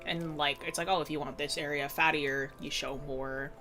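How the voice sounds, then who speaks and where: Giggly woman streamer, bright tone. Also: low-pitched, fairly even intonation, moderate pace, faint music behind. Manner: giggly, filler-heavy talk. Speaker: art streamer teaching drawing. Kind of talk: casual live-stream chat.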